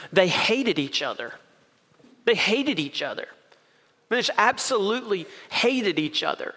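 A man's voice: sits high, pushed and bright. A man preaching a sermon as pastor of his church, stressing points through repetition. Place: church sanctuary. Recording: reverberant hall.

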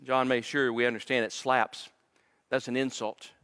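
A man's voice: mid-range voice, level tone, normal speed, fairly bright tone, clean tone. A male pastor preaching a sermon in a church, dramatic and emphatic, repeating words as his intensity builds. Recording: long reverb of a large hall.

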